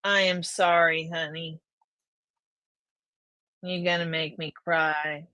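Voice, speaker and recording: A woman's voice: low-pitched, flat delivery, slow, bright, forceful tone, no room sound, highs cut off. A woman hosting a casual live stream, chatting with viewers and reading their names aloud. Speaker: livestream host.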